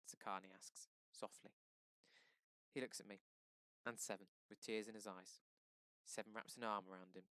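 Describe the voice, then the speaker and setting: A male teacher reading a novel aloud for a lesson, steady, with quick self-corrections and asides. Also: lowish voice, dry recording.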